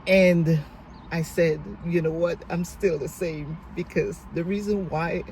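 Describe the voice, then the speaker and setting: A middle-aged woman vlogger tells a family reunion story in an emotional storytelling vlog, heartfelt and at times tearful, acting out what each person said and giving faith-based encouragement. Her voice is lowish and darkish, fairly even in intonation and unhurried, on poor audio with a little hiss or hum.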